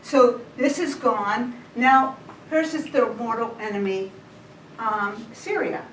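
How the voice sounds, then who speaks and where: A woman's voice: on the high side, steady tone, slow pace. A woman teaching a women's Bible study, retelling scripture in a chatty, everyday way. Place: church meeting room. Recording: roomy hall, distant mic, faint hiss.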